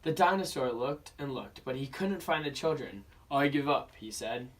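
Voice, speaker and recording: A young man, a student, narrating a children's picture book aloud for an oral interpretation class in a steady storybook manner. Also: mid-range voice, far from the mic. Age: young adult. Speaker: student reader.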